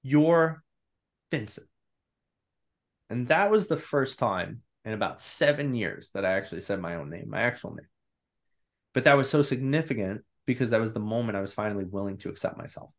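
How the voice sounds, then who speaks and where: Speaking a little fast with a lowish voice, a thirtysomething podcast guest casually relates a story from his life, candid and lively, voicing his own inner thoughts aloud.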